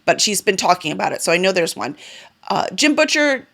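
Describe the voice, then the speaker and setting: A woman's voice: medium pitch, very animated, a little fast, gravelly, bright, forceful tone. A woman vlogging about the books she plans to read, chatty and enthusiastic, with fillers and small self-corrections. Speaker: book vlogger and publisher. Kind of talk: casual reading-goals vlog.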